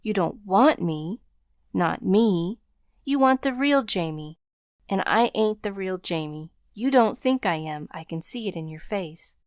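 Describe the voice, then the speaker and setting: A woman's voice: medium pitch, animated, unhurried, no echo, lightly acted. A woman voicing a proud, crippled poor boy in a storybook, speaking in a choked, faltering way with slangy speech. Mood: tearful.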